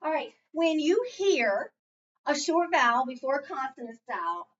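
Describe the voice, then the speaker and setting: Woman teacher, one-on-one phonics tutoring, patient and drawn-out, slightly high voice, heard from across the room. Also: very animated, fairly bright tone. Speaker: reading teacher. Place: school classroom. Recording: distant, dull lo-fi recording.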